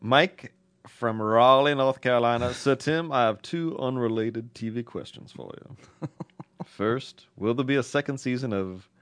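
A man co-hosting a casual podcast, animated and laughing as he reads listener mail aloud slowly. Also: medium pitch. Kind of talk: casual chat.

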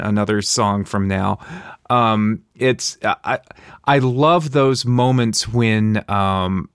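A man in a casual podcast discussion who talks haltingly with many restarts. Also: lowish voice, fairly bright tone, clean tone, dry recording, clean studio sound. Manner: halting, restarts, laughs easily.

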